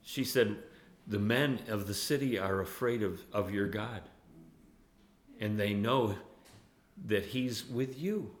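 A man preaching a sermon in an animated way, laughing often and at times rising to near-yelling. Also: on the low side, slow pace.

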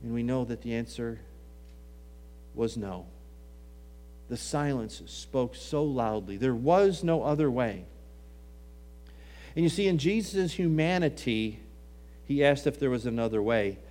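Animated and a little slow, a male preacher pauses often as his sermon shifts from quiet, low stretches to raised, forceful moments, with scripture quoted in archaic language.

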